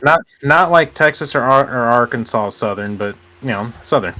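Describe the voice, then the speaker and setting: A man's voice: mid-range voice, lively intonation, moderate pace, sharp tone. A young man from Illinois rambling through a casual gaming chat, hesitating with lots of fillers. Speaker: gamer host.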